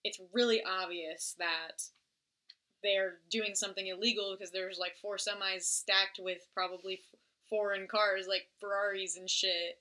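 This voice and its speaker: A woman casually retelling a movie plot, swearing freely and acting out the characters in quick put-on voices. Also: mid-range voice, steady tone, pushed and bright.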